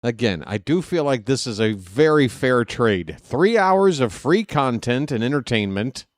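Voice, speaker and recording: Male fan commentator, unhurried, jokey stickler, dry sound. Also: mid-range voice, animated, no echo. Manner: chatty, joking, fussy stickler. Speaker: fan play-by-play host. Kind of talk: live stream play-by-play commentary.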